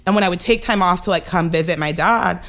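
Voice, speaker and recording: Fast-talking young woman telling stories. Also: lowish voice, fairly bright tone. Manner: fast storytelling with frequent "like" fillers and laughter. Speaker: guest comedian. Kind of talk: casual podcast chat.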